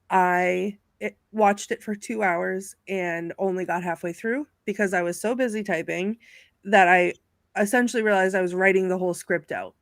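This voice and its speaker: A woman on a video call chatting excitedly with friends on a live stream, laughing often as she talks. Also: medium pitch, no echo. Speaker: panelist. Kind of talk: casual chat on a live stream.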